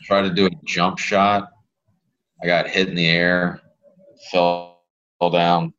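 A man's voice: low voice, flat delivery, slow, fairly bright tone, lo-fi sound. A man in his thirties from Louisiana, a physical therapist guest telling rambling stories in casual podcast chat. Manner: rambling, laid-back storyteller.

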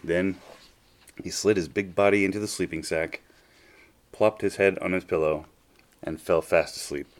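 Deep-voiced man reading a storybook. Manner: unhurried, expressive reading with drawn-out phrases.

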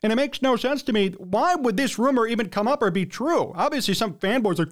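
A man's voice: very high voice, expressive, a little fast, few pauses. A young man hosting a sports talk show, giving blunt, emphatic opinions.

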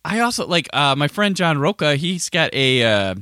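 A man's voice: normal speed, dry recording, studio quality. A man hosting a casual podcast, talking in a rambling way with many restarts. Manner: rambling, restarts, lively pitch. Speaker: podcast host.

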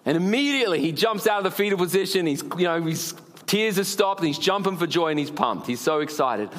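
Man, 40s, from Australia, pastor; high voice, storytelling sermon full of "uh"s. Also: lively intonation, fairly quick, fairly bright tone. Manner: storytelling, frequent "uh" fillers, asks the audience.

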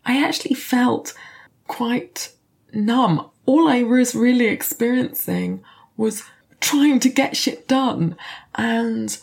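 A woman's voice: fairly high pitch, creaky. A middle-aged woman coach talking candidly in a reflective podcast, now and then swearing. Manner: candid, warm, occasionally swears.

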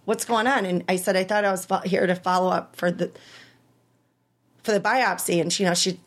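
A woman in her thirties, an interview guest telling her story in an animated way, acting out what people said and rising high when she relives the worst moments. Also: a little fast. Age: 30s. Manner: animated, acts out quoted voices, rises high when reliving distress. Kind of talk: emotional personal storytelling.

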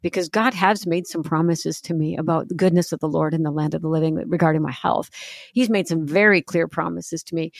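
A woman's voice: fairly low pitch, vocal fry, no room sound, studio quality. A middle-aged woman talking earnestly as an author guest in a faith interview, confiding and often quoting scripture.

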